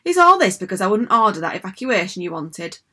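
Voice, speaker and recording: A woman's voice: mid-range voice, sing-song, fast, bright, forceful tone, slightly rough, full character voice. A woman voicing a strict, prim female school principal in a storybook reading, scolding in a proper tone.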